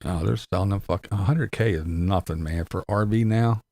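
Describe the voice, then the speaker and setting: A man's voice: low-pitched, normal speed, warm tone, no room sound. A man talking in a rambling, sarcastic, casual way, swearing a lot as he complains. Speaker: vlogger. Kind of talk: casual profane chat.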